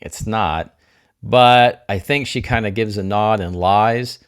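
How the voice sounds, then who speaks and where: A man's voice: fairly low pitch, takes it slowly, clear, resonant tone. A man giving a casual spoiler review of a TV episode. He thinks aloud, keeps asking himself questions, throws in jokey asides and gushes openly about the scenes he loves. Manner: openly emotional, gushing. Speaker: TV show reviewer.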